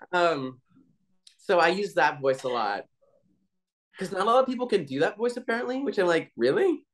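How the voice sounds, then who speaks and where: A man's voice: high voice, animated, normal speed, long pauses, a bit bright. A young man, a voice actor guest, chatting casually in a laid-back way with lots of filler words. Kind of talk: casual interview chat.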